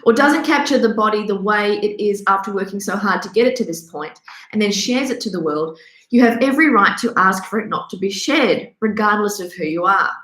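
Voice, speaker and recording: A woman's voice: mid-range voice, a little fast, fairly bright tone. Sarcastic woman in a roomy echo. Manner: sarcastic, self-deprecating, ranty. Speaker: host. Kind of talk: sardonic commentary monologue.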